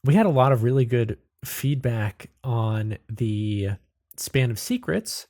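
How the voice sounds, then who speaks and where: A man's voice: mid-range voice, expressive, slow, a little mellow, no echo, clean studio sound. A man chatting upbeat and casually as host of a tabletop game podcast. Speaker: player and show host. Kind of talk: casual chat.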